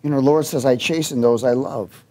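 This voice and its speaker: A man preaching a sermon, telling a personal story and acting out the dialogue in it, with halting restarts and chuckles. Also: mid-range voice. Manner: animated storyteller, acts out dialogue.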